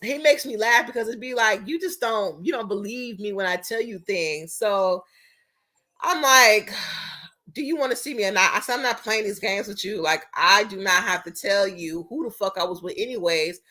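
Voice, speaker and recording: A young woman talks straight to her viewers in a loose, animated storytelling voice. She is blunt and swears freely, and she jumps between her own lines and the other person's lines as she retells a conversation. Her pitch sits in an ordinary middle range. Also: moderate pace. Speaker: vlogger.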